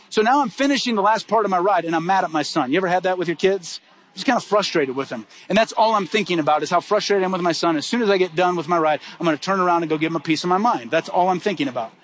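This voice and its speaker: A middle-aged man preaching a sermon, telling a story with lively acted-out dialogue. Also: high-pitched. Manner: animated, acts out dialogue in quick bursts. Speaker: pastor.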